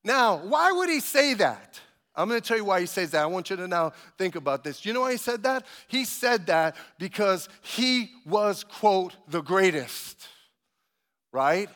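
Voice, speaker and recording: A man preaching a sermon as pastor, building to loud emphatic calls and asking his congregation for amens. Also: high voice, sing-song, a little slow, big-room sound.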